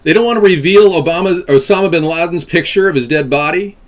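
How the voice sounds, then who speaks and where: A man putting on the voice of an indignant male elder who speaks in halting, broken English. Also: fairly high pitch, voice pushed up, natural voice. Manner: accusing, halting broken grammar.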